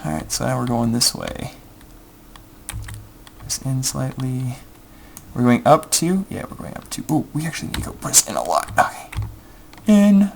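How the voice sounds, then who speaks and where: A young man tells a long, rambling story while he plays a game, stopping often to mutter his next moves under his breath. His voice has a gravelly edge at a middle pitch. Keyboard typing can be heard behind him. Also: animated, a little slow, pauses often, slight background noise. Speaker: gameplay video creator. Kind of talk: casual storytelling over gameplay.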